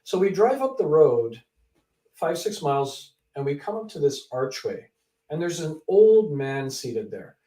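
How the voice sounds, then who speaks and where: A man with a slightly high yet mellow voice tells an animated story in an interview, jumping into the voices of the people he met. He sits some way from the mic, and the room echoes around him. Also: measured pace, distant mic. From Canada. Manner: animated storyteller who acts out quoted people. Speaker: author and guest.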